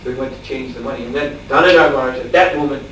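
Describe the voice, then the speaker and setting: A man telling a story in a lecture, animated and laughing, acting out the shouts of the people in it. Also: mid-range voice, very fast. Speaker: spiritual teacher. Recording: echoey room from far off, faint background noise.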